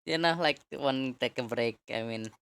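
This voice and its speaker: A woman's voice: rumbling low, moderate pace, creaky, clean tone, no echo. A woman hosting a live stream, chatting casually and laughing along with her guests. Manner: lively, laughing. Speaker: stream host. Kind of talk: casual chat.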